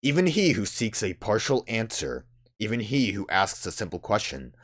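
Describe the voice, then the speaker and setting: A man voicing a solemn ancient male spirit who grants final wishes, speaking slowly and gravely. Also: on the low side, big pitch swings. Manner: slow, grave, pronouncing.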